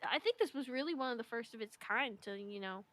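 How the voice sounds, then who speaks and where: A young woman co-hosting a podcast, talking earnestly and haltingly with many fillers. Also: a little high, expressive, bright, forceful tone. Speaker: podcast co-host. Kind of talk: casual chat.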